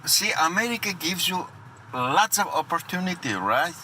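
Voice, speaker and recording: A man with an Armenian accent lectures from the driver's seat, firing off rhetorical questions. His voice is fairly high, very bright and sharp, and it swings widely in pitch. He is recorded on a phone inside a car. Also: sing-song, normal speed, slight background noise. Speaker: rideshare driver, interviewee. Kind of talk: casual conversation.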